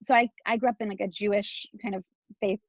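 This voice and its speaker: A woman's voice: mid-range voice, steady tone, fast talker, dry recording, highs cut off. A woman from Texas in her thirties, speaking as an interview guest in a loose, candid flow full of "like" and restarts.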